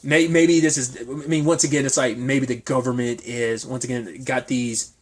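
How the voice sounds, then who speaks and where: A man's voice: mid-range voice, steady tone, moderate pace. Rambling man recapping an episode. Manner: rambling, filler-heavy, speculative. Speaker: TV episode reviewer. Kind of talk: casual recap talk.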